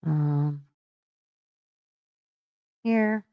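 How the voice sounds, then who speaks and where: A man's voice: a little high, very slow, gravelly, no echo, dull audio. Man rambling aloud during a livestream. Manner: rambling, thinks aloud while fumbling with stream setup; blunt and profane, mock-scolding chat. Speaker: livestream host. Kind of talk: casual livestream chat.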